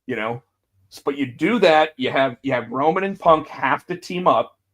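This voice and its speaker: A man co-hosting a podcast, chatting casually about wrestling and acting out quotes with big jumps in his voice. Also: normal speed. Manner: animated, acts out quotes with big pitch jumps. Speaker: podcast co-host.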